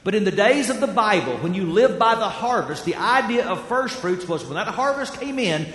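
High-voiced pastor preaching in a hall. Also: male voice, expressive, normal speed, a bit bright. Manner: storytelling with acted voices and dry humor. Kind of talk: sermon. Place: large church auditorium. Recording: echoey hall.

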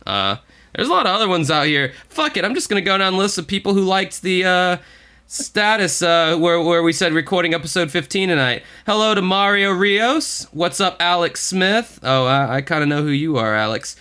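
Bright-voiced rambling podcast host, a man. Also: sits high, animated, moderate pace, clear, resonant tone. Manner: rambling, profane, self-deprecating. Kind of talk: casual podcast chat.

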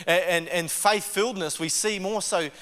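A man's voice: high-pitched, measured pace, fairly bright tone, smooth, big-room sound. A male pastor preaching a conversational sermon in an earnest way, often stumbling and repeating words. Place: church service.

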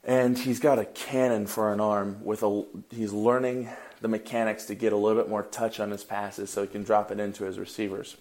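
Man talking fantasy football, low-pitched. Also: little pitch movement, fairly quick, few pauses, darkish tone. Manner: conversational, thinking aloud with fillers and restarts. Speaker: fantasy football podcast host. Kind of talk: casual solo commentary.

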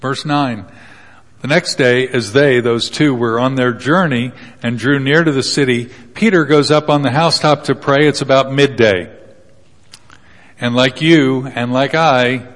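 A man delivers a sermon in a loose, joking way, working through a Bible passage and dropping into quick character voices for acted quotes. His voice sits at an ordinary middle pitch with a slightly bright edge, and a long reverb makes it ring out as if in a big hall.

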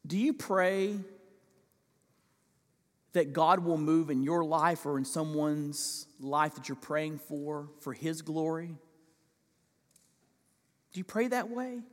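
A man preaching a sermon as pastor, impassioned, swinging from loud pleading to hushed asides. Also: a little high, slow, pauses often, in a large hall. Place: large church sanctuary.

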